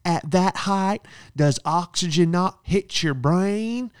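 A man voicing a rude, toothless older woman hotel guest who mocks with slow, drawn-out taunts. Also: high-pitched, smooth, dry recording, studio quality, pitched above the performer's own voice. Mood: sneering.

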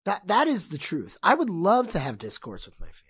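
A man talking as a podcast guest in casual chat, impassioned and excitable, swearing often. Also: high voice, brisk, slightly rough, no room sound.

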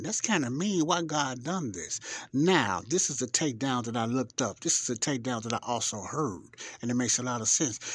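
Man, casual Bible teaching, husky voice, dry close sound, emphatic and rambling. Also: fairly high pitch, no room sound. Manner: conversational, emphatic, rambling with restarts and asides. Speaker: Bible study podcaster.

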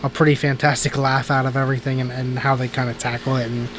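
A man's voice: mid-range voice, level tone, fast, slight background noise. A man casually reviewing movies on a podcast, rambling with lots of fillers and restarts. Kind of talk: casual chat.

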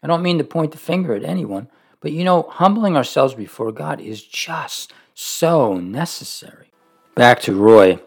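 A man reading a devotional book aloud and stopping to add his own earnest, reflective comments, with frequent pauses. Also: fairly high pitch, lively intonation, creaky, slightly rough. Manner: earnest and reflective, pausing often.

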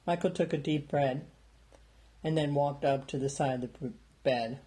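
A man narrating a story in a steady, plain reading voice. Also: a little high, normal speed. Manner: plain steady reading, small lifts for dialogue. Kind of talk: audiobook narration.

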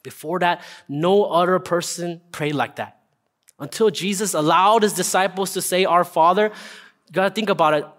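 A young man preaching a casual, earnest sermon, often checking in with listeners with a quick "right?". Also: high voice, a bit bright. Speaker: pastor. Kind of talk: conversational sermon.

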